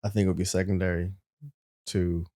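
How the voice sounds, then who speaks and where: A man co-hosting a casual podcast in a low voice. He is laid-back and asks quick, skeptical questions. The recording is dry and close to the mic. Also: flat delivery, warm tone, dry recording. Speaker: podcast co-host. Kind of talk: casual chat.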